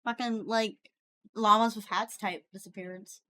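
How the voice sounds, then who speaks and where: A woman streamer reading a horror story aloud, animated and quick to joke between passages. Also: mid-range voice. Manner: animated, breaks into laughter and jokes.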